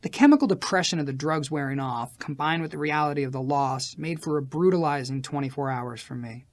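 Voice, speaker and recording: A man with a slightly high voice reads a first-person memoir aloud as an audiobook. His delivery is animated, jumping between loud, lifted phrases and low, quiet asides. The reading stays lively and storytelling throughout. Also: fairly quick. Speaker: audiobook narrator.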